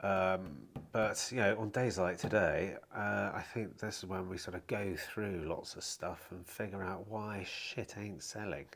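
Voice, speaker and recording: A man's voice: sits low, unhurried, creaky, few pauses, fairly bright tone. A middle-aged man with a cold, sounding a bit chesty, chatting casually to camera in a rambling, matter-of-fact way with restarts and the odd swear word. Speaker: used car dealer vlogger. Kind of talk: casual vlog chat to camera.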